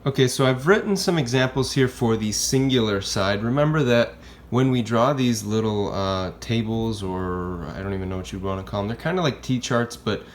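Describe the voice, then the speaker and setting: A man's voice: lowish voice, moderate pace, few pauses, a little hiss or hum. A man who teaches Spanish, explaining grammar in a casual, chatty classroom style and often checking in with "okay?" and "right?".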